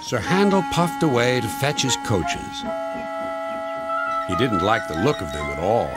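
A man narrating a storybook in an expressive, storytelling manner. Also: medium pitch, measured pace, long pauses. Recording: music playing loudly behind.

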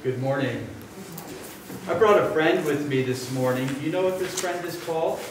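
A man leading a children's message at a church service, speaking gently and playfully to a young child and telling a story. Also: fairly high pitch, normal speed, recorded from a distance. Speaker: pastor. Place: church sanctuary. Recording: echoey sanctuary, mic from afar.

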